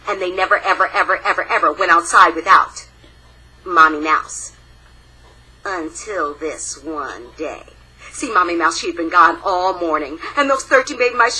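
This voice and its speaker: Bright, breathy woman telling a children's tale. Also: on the low side, poor audio. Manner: animated, dramatic pauses, sound effects. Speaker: storyteller. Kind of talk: oral storytelling for children.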